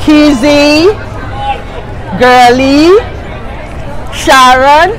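Woman, Nigerian accent, vlog host, playful and teasing, slightly high voice, crowd chatter all around. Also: fairly even intonation, extremely slow, low-quality recording. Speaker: vlogger host. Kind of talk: casual vlog chat. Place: busy outdoor restaurant patio.

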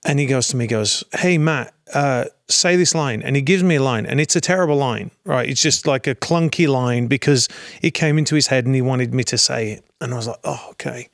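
Animated British storyteller, middle-aged, gravelly tone, dry studio mic. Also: male voice, medium pitch, fairly quick, no echo. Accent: British English. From Britain. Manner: animated storyteller, laughs often. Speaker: actor guest. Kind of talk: casual anecdote telling.

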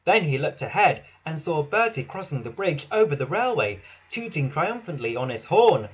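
A man reading a children's storybook aloud in an expressive, sing-song way. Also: a little high, moderate pace, few pauses, breathy edge. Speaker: narrator.

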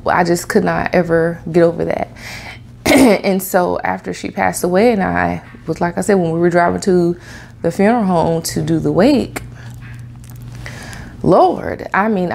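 Woman vlogger, gravelly voice, chatty and animated, faint noise in the background. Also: on the low side. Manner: animated, laughs a lot, Southern US slang. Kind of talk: casual storytelling to camera.

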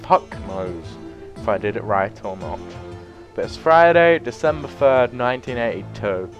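A man giving sweary, excitable let's play commentary, breaking into loud yelps between muttered remarks. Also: mid-range voice, moderate pace, lo-fi sound, soft background music. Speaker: gaming YouTuber.

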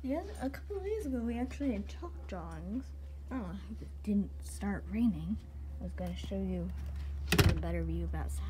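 A woman gives a casual, excitable home-tour vlog, chatting to her dogs and giggling often. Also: lowish voice, fairly quick, noisy background. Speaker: vlogger giving a home tour. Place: rural home, filming out the windows.

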